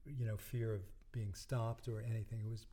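Mellow-voiced man telling stories. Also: lowish voice, normal speed. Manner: relaxed storytelling, trailing off softly. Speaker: guest, musician and dentist. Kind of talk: casual interview talk.

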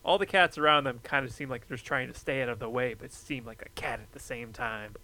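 A man's voice: medium pitch, brisk, bright, forceful tone, poor audio. A man chatting casually, joking and ranting playfully. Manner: jokey, playful rants. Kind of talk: casual chat.

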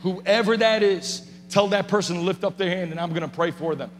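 A man preaching a sermon in a high, ringing voice that bursts into passionate shouting. His voice carries a long reverb, and a faint hum sits underneath. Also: brisk. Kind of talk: sermon testimony.

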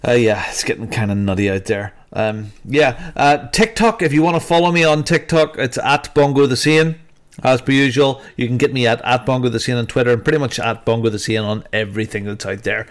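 A man's voice: mid-range voice, fairly quick. A man hosting a podcast in a casual, jokey way, rambling with plenty of fillers. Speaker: podcast host.

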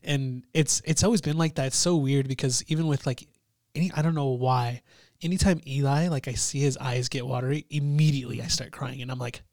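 A man's voice: medium pitch, fairly even intonation, darkish tone, no echo, studio quality. A young man chatting casually and enthusiastically on a podcast, with lots of "like", restarts and laughter. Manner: enthusiastic, filler-heavy, quick to laugh.

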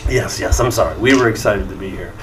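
A man's voice: low voice, quick pace, a little hiss or hum, lightly acted. A man voicing a flamboyant male gnome bard who is effusive, apologetic and full of flowery courtesy. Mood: courteous.

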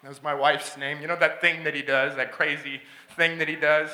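High, bright-voiced excited male preacher. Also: brisk, roomy sound. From Canada. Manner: excited storytelling, many restarts, laughs often. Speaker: guest preacher. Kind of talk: sermon. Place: church sanctuary.

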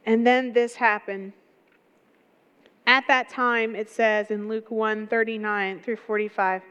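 A woman preaching a sermon, telling the story in a lively way with folksy asides. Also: fairly high pitch, smooth, big-room sound, dull audio.

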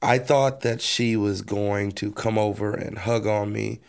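Male pastor, interview guest; earnest testimony, low and fry-heavy, restarts and repeats words. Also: fairly even intonation, unhurried. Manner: earnest storytelling, repeats words as he restarts, acts out his own past words.

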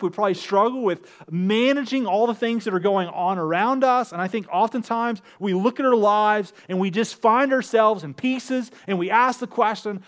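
Man, pastor, high voice, conversational sermon, acts out scripture voices. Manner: conversational preaching, acts out the psalm's voices with rising emotion. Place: church with two campuses.

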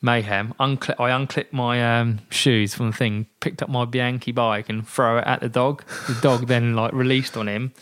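A man telling a story as a podcast guest, animated and full of fillers and restarts. His voice sits in a middle pitch. The recording is dry and close. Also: normal speed, hardly any pauses, dry recording. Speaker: guest, veteran.

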